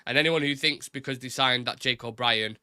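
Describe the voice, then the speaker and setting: A man's voice: medium pitch, a little fast, pushed and bright, clear, resonant tone, dry recording, clean studio sound. A young man hosting a casual live-stream football chat, talking loosely with repeated words and stop-start phrasing. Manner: chatty, repeats words, says "innit", reads chat aloud.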